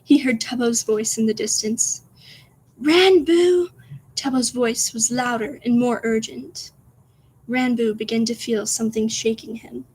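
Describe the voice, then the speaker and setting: Female streamer, story read-aloud, hushed and whispery, chatty giggling asides. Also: on the high side, flat delivery, normal speed, slight background noise. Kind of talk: reading her own story aloud on stream.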